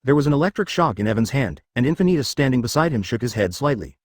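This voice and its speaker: Man, audiobook narration, fantasy story, quick delivery, animated pitch, dry close sound. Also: no room sound.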